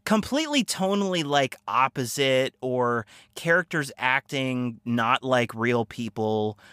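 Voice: medium pitch, lively intonation, unhurried, a bit bright, no room sound, studio quality. A podcast co-host discussing a film in casual chat, rambling and laughing often.

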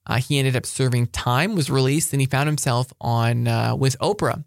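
A man preaching a motivational talk to high school students, energetic and emphatic, repeating his key phrases. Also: normal speed, creaky, no echo, clean studio sound. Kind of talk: sermon-style motivational talk.

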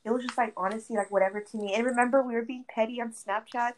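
A young woman with a fairly high voice gossips to a friend in animated casual chat, packing every sentence with "like" and curse words. A faint hiss of noise sits under the recording. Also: quick pace, poor audio. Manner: animated gossiping, heavy "like" fillers, frequent swearing. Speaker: friend telling a story. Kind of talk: casual chat while gaming.

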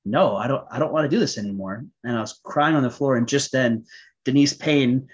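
A man's voice: medium pitch, a little fast, husky. A man who is a podcast guest, telling a personal story casually and with animation, laughing often and saying "like" a lot. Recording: slightly dull lo-fi audio.

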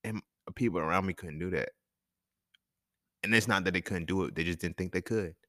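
A young man hosting a casual podcast monologue, talking in an animated, profane way and laughing often. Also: sits low, fairly quick, dry recording, clean studio sound. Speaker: podcast host.

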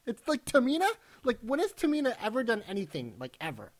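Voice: mid-range voice, huge pitch swings, quick pace. A co-host of a wrestling podcast in casual chat, asking exasperated, incredulous questions.

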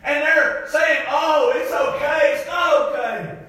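Fervent shouting preacher in an echoey church. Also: male voice, takes it slowly. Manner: shouting, fervent preaching with sudden drops to a low, soft voice. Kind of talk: sermon. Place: church sanctuary.

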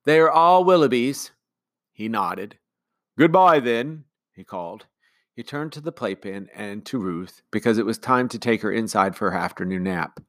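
A man, a teacher, reading a children's novel aloud to students in a calm, even narration. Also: lowish voice, moderate pace, no echo, studio quality. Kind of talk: storybook read-aloud.

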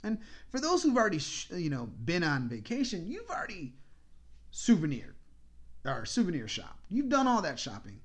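A man's voice: high voice, huge pitch swings, moderate pace. A man hosting a podcast, telling a story in a casual, exasperated and profane rant. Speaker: podcast host.

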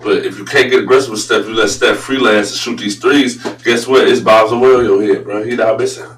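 A man hosting a casual sports talk show, blunt and profane, often turning loud and incredulous. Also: lowish voice, steady tone, a little fast, soft background music. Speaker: sports podcast host. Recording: roomy echo, voice a bit far from mic, faint hum.

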